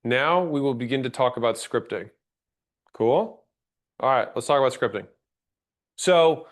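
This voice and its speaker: A man teaching a workshop on sales call scripts, lively and direct, acting out sample calls and checking in with "right?". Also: medium pitch, a little fast, long pauses. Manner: energetic, acts out sample calls, frequent "right?" check-ins. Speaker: sales trainer.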